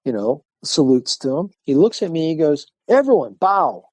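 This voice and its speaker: An older man, a martial arts instructor, telling lively stories in a podcast interview and acting out the people he quotes. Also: fairly high pitch, normal speed, no room sound. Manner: animated storyteller acting out quoted voices.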